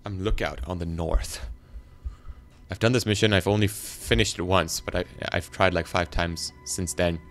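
Excitable teenage boy gamer, low voice. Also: moderate pace. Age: teens. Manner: excitable, rambling, talks to himself while playing. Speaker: gaming channel host. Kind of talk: gameplay commentary.

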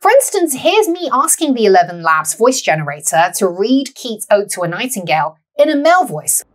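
A woman teacher explaining poetry in a lively, animated way. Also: a little high, a little fast. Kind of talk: explanatory lesson.

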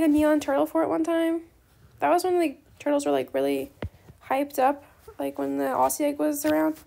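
A woman with a high, creaky voice chats loosely as she plays a game. She rambles from thought to thought, tosses in slang like bestie and slay, and apologizes and gushes freely. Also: a little mellow. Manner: apologetic, gushing reactions to other players. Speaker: gaming video creator. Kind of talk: casual chat while playing a game.

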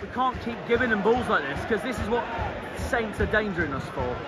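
A man from southwest England, a football fan vlogger giving excitable live commentary from the stands, shouting at the players. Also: sits high, a little fast. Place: outdoor football stadium stands. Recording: loud crowd and stadium noise.

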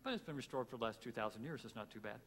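A man's voice: mid-range voice, very fast, a bit bright. A man closing a church sermon, speaking plainly and reflectively, then leading the congregation in prayer. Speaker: pastor. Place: church sanctuary. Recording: hall reverb with faint room noise.

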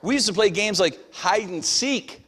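In a church sanctuary with long hall reverb, a middle-aged man gives a folksy, conversational sermon as pastor, playing out small everyday voices. He sounds high-pitched, animated, fairly bright and slightly rough, at a moderate pace.

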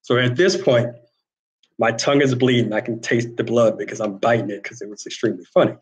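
A man's voice: medium pitch, steady tone, brisk, poor audio. A man hosting a casual talk show, telling an army story with quoted voices and reading viewer comments. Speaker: host.

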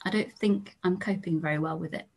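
A young English woman gives a lecture as a trainee doctor, recounting stories from her work. Her voice sits slightly low, and she speaks in a calm, measured way, letting her sentence endings fade softly. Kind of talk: storytelling lecture.

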